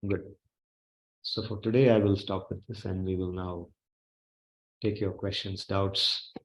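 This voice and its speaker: A man with an Indian English accent giving a spiritual lecture, explaining with everyday examples and often pausing to say "okay". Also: deep voice, flat delivery. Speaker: Gita teacher. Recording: echoey, dull lo-fi room sound.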